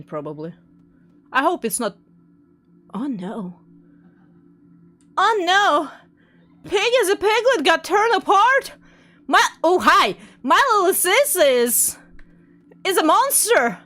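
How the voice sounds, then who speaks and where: A young woman streaming a game live, commenting excitably, laughing often and jumping at scares. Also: very high-pitched, slow pace, pauses often.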